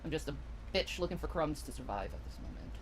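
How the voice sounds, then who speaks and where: A woman's voice: low voice, animated, fast, background noise. A woman in an emotional livestream argument who sounds tearful, wounded and bitter as she pleads.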